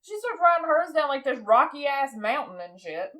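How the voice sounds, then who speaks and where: A woman in her thirties with a fairly high voice chats casually on a podcast. She recaps a film with animated energy and slips into quick impressions of its characters. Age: 30s. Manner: animated, acts out movie lines while retelling. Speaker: podcast co-host.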